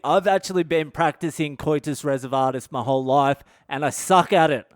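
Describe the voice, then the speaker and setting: A middle-aged man, hosting a comedy podcast with crude, swearing, animated rants. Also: on the high side, brisk, dry recording, studio quality. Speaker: podcast host. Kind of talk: comic monologue.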